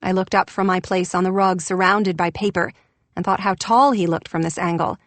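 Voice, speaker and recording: A woman reading a first-person novel as an audiobook narrator, expressive and lifting her voice for quoted lines. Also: on the low side, normal speed, no room sound.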